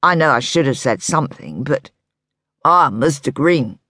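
A nervous young man keeping a surprise, speaking lightly and a little hesitantly in a slightly lowered voice, as a woman narrator puts him on for an audiobook. The voice is husky and dry, recorded close. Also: animated, a little slow, pushed and bright, no room sound, exaggerated voice.

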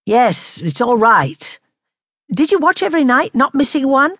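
A woman's voice: high-pitched, big pitch swings, a little slow, a bit bright, slightly rough, no room sound, clean studio sound, voice pushed up, full character voice. A woman reading the part of an earnest young male astronomer, fervent and eager. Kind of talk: audiobook character reading.

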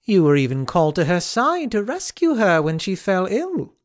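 A man's voice: high-pitched, wildly swooping pitch, moderate pace, dry recording, studio quality, voice pushed up. A man narrating an audiobook, voicing a brash, teasing male knight with a mocking, bantering manner.

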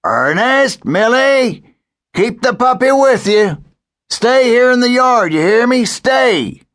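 A man's voice: very high-pitched, animated, slow, fairly bright tone, pitched above the performer's own voice, full character voice. A man voicing an older grandfather firmly calling orders across a yard. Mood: commanding. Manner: firm, commanding.

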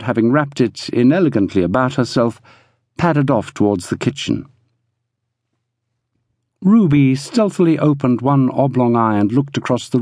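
A man narrating a novel in a measured, descriptive reading, recorded close in a studio. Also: medium pitch, a little mellow, no room sound. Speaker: audiobook narrator. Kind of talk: scripted narration. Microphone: close studio mic.

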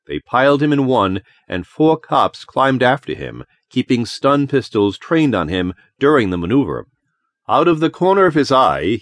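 Man, audiobook narrator, lively expressive reading, dry close studio sound. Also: medium pitch, dry recording. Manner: expressive, dramatic storytelling. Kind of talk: scripted narration.

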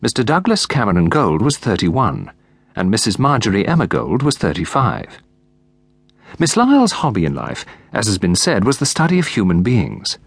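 A man narrating an audiobook in a measured, expressive reading. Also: fairly low pitch, creaky, no room sound. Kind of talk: scripted narration.

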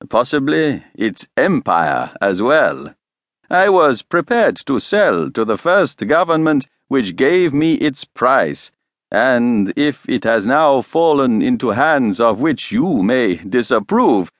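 Storybook villain: a velvety, fawning foreign schemer, read by a man, slow and sly. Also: mid-range voice, fairly bright tone, no echo, studio quality. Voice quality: velvety, faint foreign accent. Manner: obsequious, smug. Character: oily scheming foreign male inventor.

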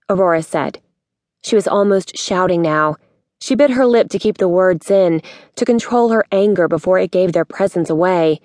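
Woman audiobook narrator: measured, even storytelling, dry studio sound. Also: fairly low pitch, no room sound. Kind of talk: scripted narration.

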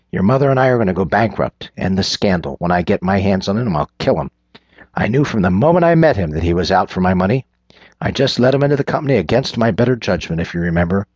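A man's voice: on the low side, a little mellow, breathy edge, dry recording. A man voicing a furious wealthy father who blusters and swears at his daughter. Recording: dull lo-fi recording.

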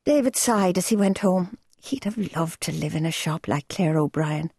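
A woman reading a novel aloud as an audiobook narrator, in a measured, gentle storytelling manner. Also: on the low side, lively intonation, gravelly, husky, no echo. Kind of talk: scripted narration.

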